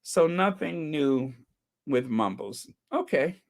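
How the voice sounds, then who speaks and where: A man's voice: a little high, expressive, slow pace, vocal fry. A man hosting an online channel, chatting casually and reading out viewer comments with opinionated, mocking asides. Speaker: channel host.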